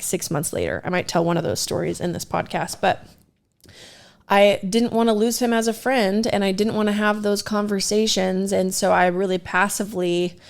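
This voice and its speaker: A woman's voice: mid-range voice, darkish tone. Woman, podcast co-host, candid and self-deprecating storyteller who laughs often. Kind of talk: casual storytelling.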